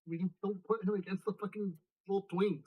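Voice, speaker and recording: Laid-back man with a slightly high voice. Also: steady tone, fairly quick, husky, phone-quality sound. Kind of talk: casual podcast chat.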